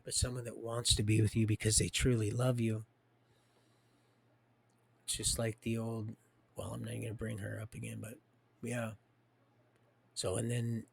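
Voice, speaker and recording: A man's voice: on the low side, moderate pace, vocal fry, pauses often, husky, dry recording. A man hosting a livestream, rambling and preachy, talking straight to his viewers. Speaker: livestream host.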